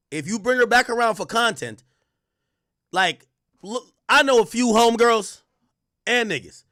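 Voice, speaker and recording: A man talks straight to his chat in blunt, animated bursts, swearing as he goes. His voice sits fairly high for a man. The sound is dry and close, with no room around it. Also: dry recording. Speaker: streamer host. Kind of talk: casual livestream commentary.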